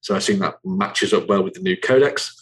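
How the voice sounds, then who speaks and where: A man, hosting a relaxed chat. He talks in a loose, rambling way, filling his gaps with ums and uhs. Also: low voice, a little fast, rough recording. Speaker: host. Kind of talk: casual chat.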